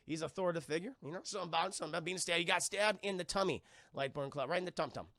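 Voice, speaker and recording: A man's voice: fairly high pitch, very fast, a bit bright, no echo, studio quality. A young man casually recapping a film for his stream chat, rambling and swearing freely. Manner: profane, rambling, addresses chat often; mimics sounds and thanks viewers. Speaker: streamer reviewing films.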